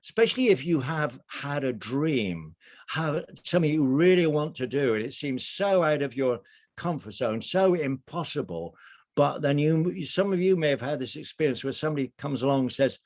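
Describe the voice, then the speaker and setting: A middle-aged man giving a storytelling presentation over a video call from a narrowboat kitchen, animated, with frequent restarts. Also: a little high, moderate pace. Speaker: speaker.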